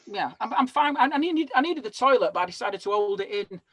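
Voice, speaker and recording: A man's voice: very high-pitched, animated, fast, over a noisy crowd. A man in his forties, a comedian guest on a video call, rambling animatedly through self-mocking stories. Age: 40s. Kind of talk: casual chat.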